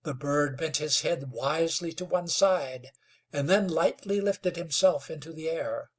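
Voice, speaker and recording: A man narrating a western novel in a slow, dramatic storytelling manner. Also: on the high side, breathy edge. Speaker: audiobook narrator. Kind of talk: scripted narration.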